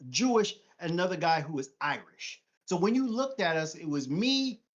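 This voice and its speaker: A man's voice: sits high, lively intonation, normal speed. Profane New man, lo-fi stream. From Brooklyn, New York. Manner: blunt and profane, acts out quoted voices. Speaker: live stream co-host. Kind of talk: casual political chat. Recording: dull lo-fi stream audio.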